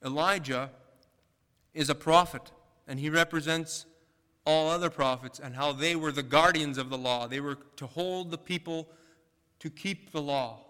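A man's voice: fairly high pitch, moderate pace, sharp tone, clean tone. A male pastor delivering a sermon, building emphasis with rhetorical questions. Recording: long hall reverb.

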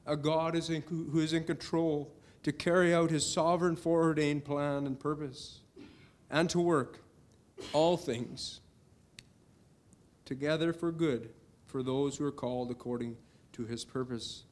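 Middle-aged male preacher, fairly high voice, earnest sermon delivery with emphatic swells. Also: fairly even intonation, measured pace. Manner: earnest preaching, rising to emphatic declarations on scripture.

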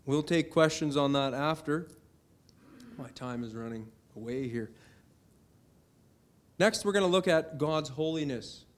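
Middle-aged male preacher, fairly high voice, earnest sermon delivery with emphatic swells. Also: measured pace, pauses often. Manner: earnest preaching, rising to emphatic declarations on scripture.

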